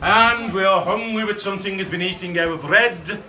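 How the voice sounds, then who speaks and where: A man playing a shopkeeper guide, leading a school group in a playful call-and-response talk, teasing and often shouting. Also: high-pitched, moderate pace, background noise. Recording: roomy, distant mic, loud crowd of children.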